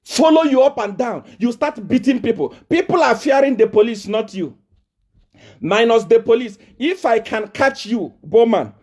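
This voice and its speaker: Nigerian guy ranting and taunting, high voice that jumps all over, keeps repeating himself. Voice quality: loud, taunting, repetitive. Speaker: preacher. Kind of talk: angry challenge to a rival. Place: South Africa.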